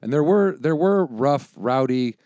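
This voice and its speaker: A man's voice: mid-range voice, expressive, unhurried, dark tone, no echo. A man in his forties chatting casually, telling rambling, profane stories full of restarts. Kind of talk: casual chat.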